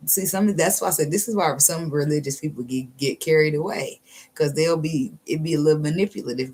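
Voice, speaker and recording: A woman's voice: low voice, darkish tone, slightly rough. Blunt, profane woman reading tarot. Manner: blunt, profane and sassy, laughs often; drawls some phrases slowly for emphasis. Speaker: tarot reader. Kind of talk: casual channeled tarot reading.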